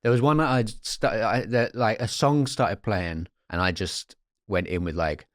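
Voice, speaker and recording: Man, podcast co-host, deep voice, rambling anecdotes, casual comedic chat. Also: moderate pace, few pauses, no echo, clean studio sound. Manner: rambling anecdotes with self-corrections.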